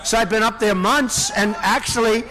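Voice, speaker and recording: A man's voice: high-pitched, normal speed, sharp tone, low-quality recording. A man in his sixties, a presidential candidate giving a campaign rally speech in a large indoor venue, rambling and repetitive with boastful asides. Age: 60s.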